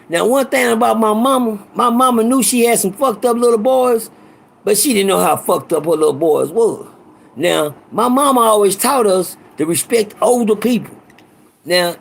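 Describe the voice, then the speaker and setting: A man's voice: sits high, vocal fry. A man telling a rambling, profane story from his past in a casual way, often repeating himself.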